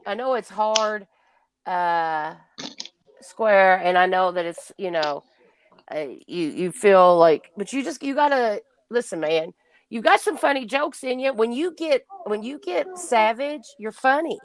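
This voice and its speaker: A woman's voice: medium pitch, expressive, unhurried, poor audio. A woman chatting casually in an online voice chat, rambling with many fillers. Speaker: guest on a live audio chat.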